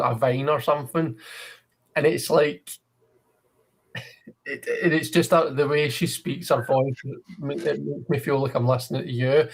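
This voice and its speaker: A man's voice: mid-range voice, gravelly. A man co-hosting a tarot livestream, chatting in an easygoing, rambling way. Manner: easygoing, rambling, lots of fillers. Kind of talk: casual chat.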